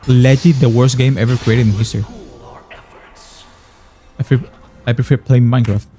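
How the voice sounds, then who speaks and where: A man's voice: mid-range voice, fairly even intonation, brisk, mellow, soft background music. A young man giving frustrated, sarcastic gameplay commentary, swearing often. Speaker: gaming YouTuber.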